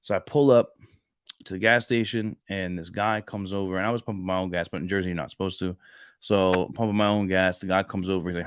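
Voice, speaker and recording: Animated, low-voiced man telling a story. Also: fairly quick, clear, resonant tone. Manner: animated storyteller who acts out dialogue and restarts often. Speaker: podcast co-host. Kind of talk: casual faith chat, storytelling.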